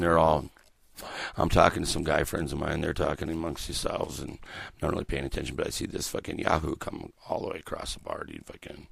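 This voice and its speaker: A man's voice: rumbling low, gravelly, husky, no room sound. A middle-aged man hosting a morning radio show from a small studio, rambling through stories full of swearing and laughing at his own jokes. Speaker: radio host. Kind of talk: profane casual morning radio banter. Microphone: studio microphone.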